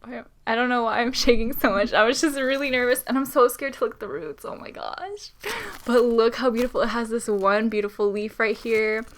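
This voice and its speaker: A young woman in a casual unboxing vlog who talks straight to her viewers, giggly and nervous with excitement. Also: a little high, a little fast, hardly any pauses. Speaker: plant vlogger.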